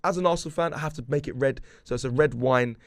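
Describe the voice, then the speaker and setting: A man's voice: medium pitch, fast, dry recording. Playful male radio host in studio. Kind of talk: casual studio chat.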